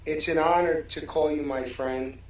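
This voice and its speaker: A man's voice: on the high side, steady tone, moderate pace, echoey room. A man speaking as an interview guest, effusive and friendly, heard over distant call audio. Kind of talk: casual interview chat.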